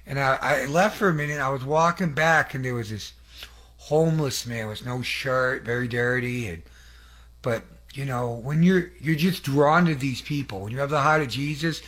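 A man's voice: medium pitch, normal speed, a bit bright. A man giving an earnest, conversational testimony sermon, rambling with fillers and restarts and asking the audience to affirm him. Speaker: lay preacher giving testimony.

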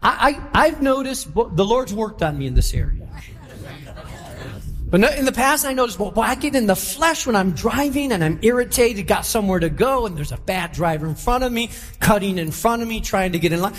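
High-voiced pastor preaching in a reverberant church. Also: male voice, brisk. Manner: animated, acts out quoted people in character. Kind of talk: sermon.

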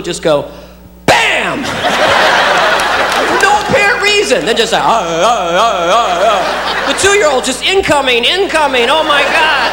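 A man doing stand-up, rambling and making silly noises and impressions for the audience. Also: sits high. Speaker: stand-up comedian. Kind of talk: stand-up routine. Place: large hall with a live audience. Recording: roomy live hall, loud crowd and noise.

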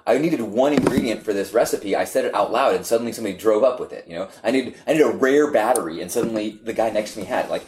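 A man with a somewhat low voice, talking in a loose, chatty way. He gets animated while he tells a story and keeps tripping over his words, restarting phrases and filling gaps with likes and you-knows. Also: background noise. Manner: animated, halting with many restarts and fillers. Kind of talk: casual storytelling chat.

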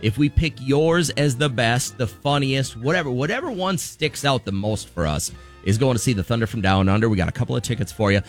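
A man's voice: mid-range voice, fairly quick, faint music behind. A man co-hosting a morning radio show, explaining contest rules in upbeat banter.

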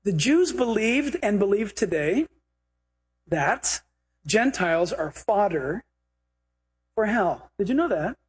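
High-voiced animated preacher man. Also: takes it slowly, pauses often, slightly rough. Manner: animated, humorous storytelling with acted quotes. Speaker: pastor and Bible teacher. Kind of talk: sermon.

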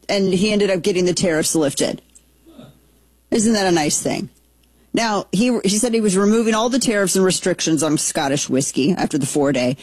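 A woman's voice: medium pitch, a little mellow, dry recording. A woman hosting casual political commentary, opinionated and chatty, thinking aloud as she goes.

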